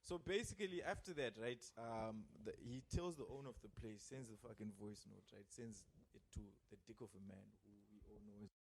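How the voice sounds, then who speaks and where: A man's voice: lowish voice, a little fast, creaky, hardly any pauses, husky. A man from Zimbabwe, a comedian guest on a podcast, telling a story in casual chat. He swears freely and laughs at his own jokes.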